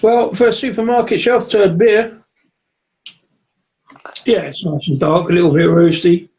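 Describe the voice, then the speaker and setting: A man's voice: high voice, a little slow, a little mellow, low-quality recording. A man co-hosting a beer review livestream, joking around, reading viewer comments and describing beers. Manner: jokey, banters and reads out viewer comments. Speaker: co-host of a beer review show. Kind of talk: casual chat and beer tasting on a livestream. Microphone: home setup on a live video stream.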